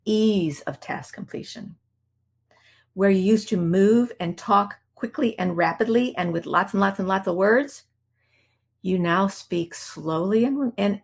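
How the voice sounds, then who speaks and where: A woman coach giving a self-help teaching talk in a calm, reflective way, acting out her own inner voice. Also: mid-range voice, normal speed. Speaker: marriage coach.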